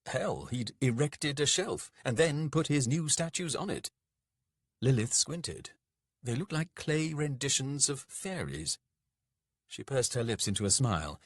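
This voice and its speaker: A man narrating an audiobook in a gentle, measured reading. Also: mid-range voice, breathy edge, no echo, clean studio sound. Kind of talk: scripted narration.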